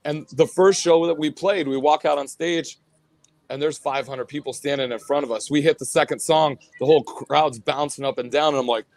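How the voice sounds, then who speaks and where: A male musician guest telling road stories in a casual interview, animated and acting out what others said. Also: on the high side, moderate pace, no echo. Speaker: guest musician, band vocalist and bassist.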